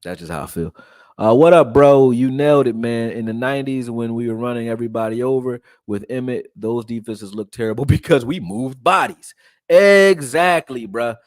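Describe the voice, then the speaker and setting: A man from Texas, raised in Philadelphia, breaking down football film and reading chat on a live stream in a loose, profane, animated way. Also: medium pitch, moderate pace, dry recording, clean studio sound. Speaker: sports commentary streamer.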